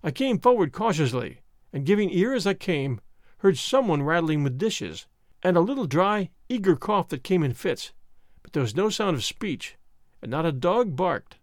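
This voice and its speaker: A man narrating an audiobook at a measured pace in scripted storytelling. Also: high-pitched, sing-song, no room sound, clean studio sound. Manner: measured storytelling, voicing the characters.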